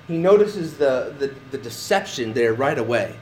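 High-voiced man preaching a sermon. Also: fast talker, few pauses, a little hiss or hum. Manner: conversational preaching with restarts and lively acted quotes. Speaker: pastor. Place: church.

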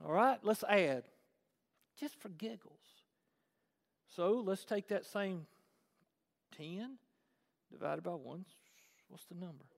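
A man's voice: high voice, takes it slowly, vocal fry, pauses often. A man preaching a sermon to his church, conversational one moment and emphatic the next. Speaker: pastor. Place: large church hall. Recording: long hall reverb.

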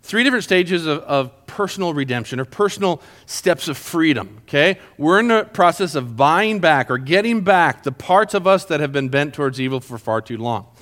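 A man teaching a Bible lesson to a group. He talks in an animated way and keeps checking in with his listeners, asking if they are following. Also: a little high, moderate pace, hardly any pauses.

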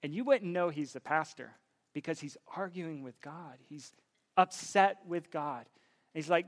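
A young man preaching a conversational sermon, stumbling over repeated words and building up to forceful emphasis. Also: on the high side, a little slow.

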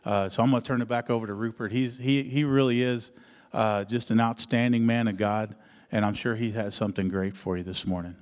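A man's voice: on the low side, fairly even intonation. Earnest man introducing a preacher. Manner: halting, filler-heavy, earnest. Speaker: associate pastor. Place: church hall. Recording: echoey church hall.

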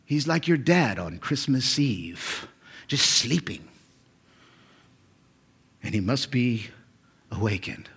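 A man in his forties preaching a sermon as pastor, swinging from loud bursts to hushed whispers. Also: medium pitch, big pitch swings, slow, long pauses, breathy edge. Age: 40s.

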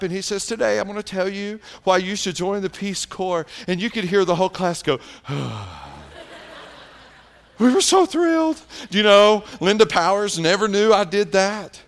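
A male pastor with a fairly high voice delivers a sermon as a story. He moves between animated retelling and quiet, hushed emphasis. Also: clean tone.

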